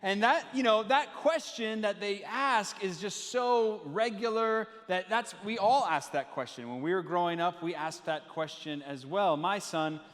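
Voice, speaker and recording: A man's voice: high-pitched, measured pace, few pauses, a bit bright. A man in his thirties, a pastor giving a sermon to a live congregation, telling family stories with playful asides. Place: church sanctuary with live congregation. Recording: long hall reverb.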